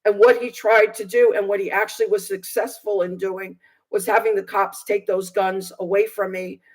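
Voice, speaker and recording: Woman giving a halting personal testimony. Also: medium pitch, flat delivery, poor audio. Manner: hesitant, halting, many fillers and restarts; earnest, indignant. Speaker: Christian video preacher. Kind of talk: personal testimony, telling a story.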